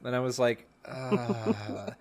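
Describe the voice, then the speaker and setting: A man's voice: a little high, normal speed. A young man co-hosting a podcast, telling a story in casual chat, rambling with lots of fillers and acting out what people said. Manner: animated, rambling, many "like" fillers, acts out quotes. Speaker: podcast co-host.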